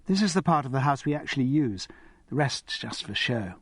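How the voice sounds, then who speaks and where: A man's voice: medium pitch, animated, a little fast, slightly rough, no room sound. A man voicing a giggly, easily impressed upper-class teenage girl with an English public-school accent in an audiobook. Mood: girlish eager. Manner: girlish, bright, enthusiastic. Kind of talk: audiobook character voice.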